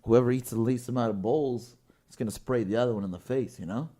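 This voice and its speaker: A man's voice: medium pitch, quick pace, mellow. A man hosting a podcast, telling a long rambling story in casual chat, swearing often and laughing mid-sentence. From Washington State, US. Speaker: podcast host. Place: podcast studio with guests.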